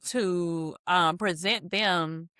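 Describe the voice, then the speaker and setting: A woman's voice: on the low side, steady tone, extremely slow, pushed and bright, smooth, no echo, studio quality. A woman counselor and minister speaking as a podcast guest, explaining earnestly in a teacherly way. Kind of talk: candid podcast conversation.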